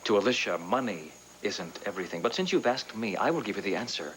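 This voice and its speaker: An actor playing a dry, sardonic wealthy hotel owner, in 1980s TV soap acting, on a hissy recording. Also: male voice, fairly low pitch, expressive, quick pace, a bit bright, poor audio. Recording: hissy old tape.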